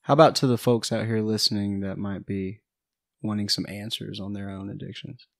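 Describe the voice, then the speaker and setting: A man's voice: on the low side, steady tone, moderate pace, creaky, no room sound, studio quality. A man hosting a podcast interview, giving brief affirming responses and casual questions. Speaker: podcast host.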